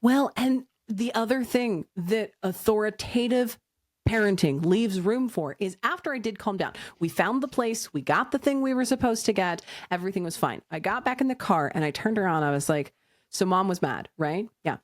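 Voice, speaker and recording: A woman in her thirties co-hosting a casual podcast, telling parenting stories with lively acted-out moments. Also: mid-range voice, moderate pace, no echo, clean studio sound. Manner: animated storytelling, acts out her own yelling. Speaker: podcast co-host. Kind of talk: casual chat.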